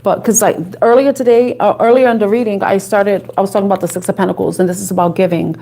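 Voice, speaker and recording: A woman's voice: mid-range voice, fairly even intonation, quick pace, creaky. Chatty Bronx woman reading tarot. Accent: New York (Bronx). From the Bronx, New York. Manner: chatty, thinks out loud, laughs often. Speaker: tarot reader.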